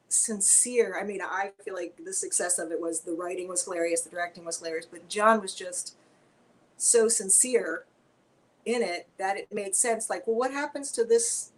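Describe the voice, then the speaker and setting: A woman guest on a video-call Q&A, chatting in a lively, rambling way. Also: medium pitch, rough recording. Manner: chatty, animated, tangents.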